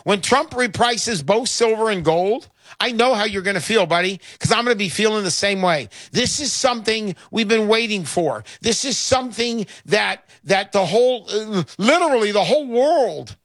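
A man's voice: high-pitched, expressive, moderate pace, a bit bright, no room sound. A middle-aged man hosting a radio talk show, brash and emphatic, repeating his lines for effect. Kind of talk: talk radio with sales pitch.

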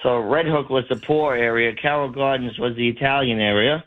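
A man's voice: medium pitch, steady tone, normal speed. A man from Brooklyn with a New York accent, calling in to a radio show and rambling through stories in a chatty way. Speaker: caller. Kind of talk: casual call-in chat. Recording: tinny phone line.

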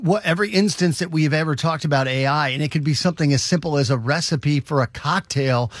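Sarcastic radio co-host guy, kinda high voice, dry mic. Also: fast talker, no echo. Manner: sarcastic, deadpan jokes. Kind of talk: morning radio talk show banter.

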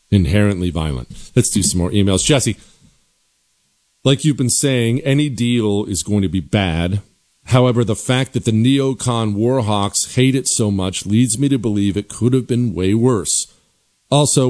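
Low-voiced forceful commentary host. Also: male voice. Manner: forceful, sarcastic, emphatic repetition. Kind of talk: opinionated political commentary.

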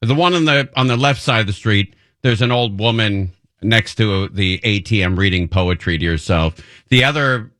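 A man's voice: on the low side, moderate pace, a bit bright. A man hosting a radio show, chatting casually and teasing his guest in chummy banter. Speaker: radio host.

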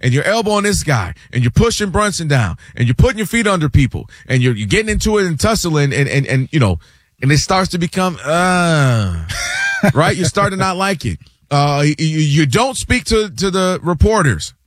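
A man hosting a casual sports talk show, animated and quick to act out what others say. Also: fairly high pitch, no room sound, clean studio sound. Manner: animated, acts out quotes in other voices, repeats words.

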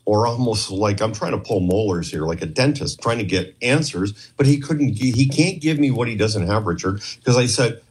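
Husky low-voiced man telling stories. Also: moderate pace, few pauses. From Canada. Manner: rambling, animated anecdotes with acted quotes. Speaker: podcast guest, former police trainer. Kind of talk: casual storytelling interview.

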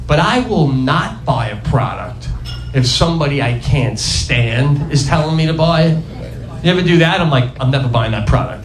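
A man doing a brash, conversational stand-up routine. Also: fairly high pitch. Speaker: stand-up comedian. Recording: echoey live room with noise.

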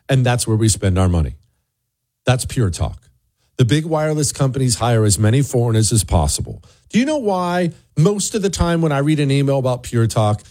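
A man's voice: medium pitch, darkish tone, no echo, studio quality. A man hosting a talk radio show, delivering an emphatic, combative monologue and reading his own sponsor ads. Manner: emphatic, combative, repeats words when worked up.

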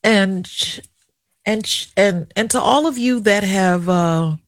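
A woman's voice: mid-range voice, slow pace. A middle-aged woman hosts a radio talk show and speaks openly and with feeling. Her manner is confiding and chatty. The sound is dry and close to the mic, with no room echo. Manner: candid, emotional, confiding, chatty. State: tearful at times. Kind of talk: emotional personal radio monologue.

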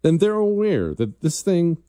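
A man's voice: fairly high pitch, big pitch swings, measured pace, dark tone, dry recording, studio quality. A man hosting a political commentary show, talking in a combative, emphatic way and reading viewer emails. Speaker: host.

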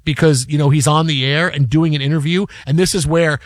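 A man's voice: on the high side, fairly even intonation, brisk, dry recording, studio quality. A man hosting a sports talk show, telling stories animatedly and acting out the people in them. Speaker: sports radio host.

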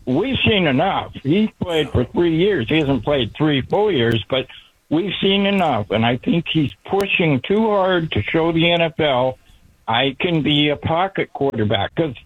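A man's voice: fairly high pitch, husky, no echo. A man calling in to a sports talk show, earnest and frustrated, talking in a rambling way. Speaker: caller. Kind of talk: call-in radio talk. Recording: tinny phone line.

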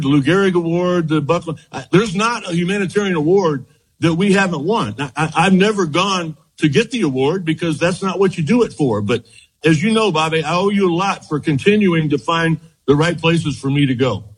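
An older man with a husky, slightly breathy voice that sits a little high for a man. He tells his stories with lots of energy, laughs often and keeps saying "as you know" to his host. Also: brisk, low-quality recording. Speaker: former baseball pitcher, guest. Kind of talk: reminiscing storytelling.

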